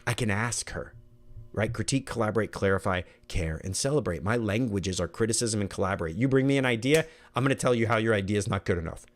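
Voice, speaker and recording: A man's voice: fairly low pitch, fast. A middle-aged man presenting an online workshop in an earnest, conversational way, often repeating words as he thinks.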